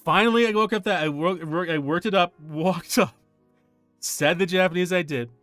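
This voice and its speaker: This middle-aged American man tells a story while chatting casually on a stream, lively and laughing a lot as he performs the voices he quotes. His voice sits high at a moderate pace, in a dry recording with faint music behind.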